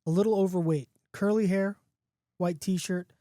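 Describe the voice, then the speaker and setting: Mellow-voiced man reading a spooky tale. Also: sits high, fairly even intonation, moderate pace, no room sound, clean studio sound. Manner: chatty, playful storytelling with restarts. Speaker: podcast host. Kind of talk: casually reading his own spooky story.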